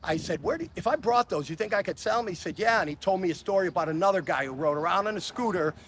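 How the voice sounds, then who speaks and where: Older guy, kinda high voice, swears a lot, keeps tripping over his words telling stories. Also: animated, fast, a bit bright, a little hiss or hum. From Chicago. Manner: blunt, profane, frequent stammered restarts. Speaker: interview guest. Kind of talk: casual storytelling interview.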